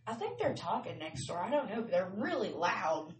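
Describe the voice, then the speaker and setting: A woman's voice: mid-range voice, big pitch swings, moderate pace, recorded from a distance. A woman host talks in a loose, rambling, chatty way and laughs easily. She sits back from the mic, so her voice sounds roomy. A faint hiss runs underneath. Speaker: show host. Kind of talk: casual rambling chat.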